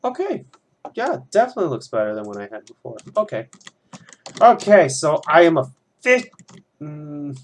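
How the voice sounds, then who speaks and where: A young man, an art student, rambles and swears freely as he draws at home on stream, giving casual commentary. His slightly high voice swings widely in pitch at a moderate pace with long pauses, and there's slight background noise.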